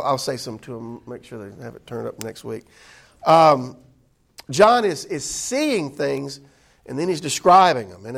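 Man teaching a casual Bible class. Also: a little high. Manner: conversational, with frequent fillers and restarts. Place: indoor meeting room.

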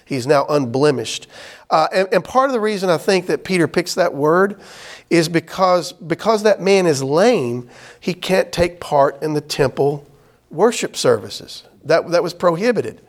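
A man teaching a Bible class, chatting casually and reading scripture aloud slowly. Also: a little high, lively intonation. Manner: conversational, explains with "right?" and "y'all", reads scripture aloud slowly.

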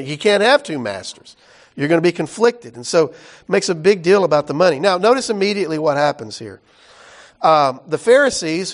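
A male pastor giving a conversational sermon in a folksy, animated way, with exclamations and asides. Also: fairly high pitch.

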